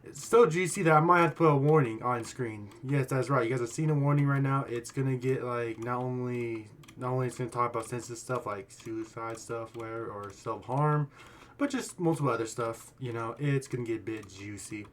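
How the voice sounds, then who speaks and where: A man's voice: mid-range voice, moderate pace, fairly bright tone. A man hosting a casual storytime commentary video, rambling and heated, often restarting his sentences. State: voice getting worn out. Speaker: YouTube commentary host.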